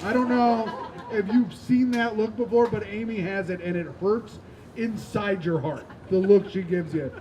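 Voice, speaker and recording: A man's voice: high voice, measured pace, low-quality recording. A man from Indiana doing a stand-up set outdoors on a rooftop, telling rambling self-deprecating stories, swearing and joking with the crowd. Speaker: stand-up comedian. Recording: outdoor noise behind the voice.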